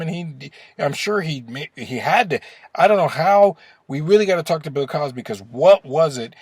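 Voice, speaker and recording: A man's voice: on the high side, normal speed, breathy edge, dry recording. A man ranting in a casual, rambling way, swearing often and restarting his sentences as he goes. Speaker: vlogger. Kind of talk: casual opinion rant.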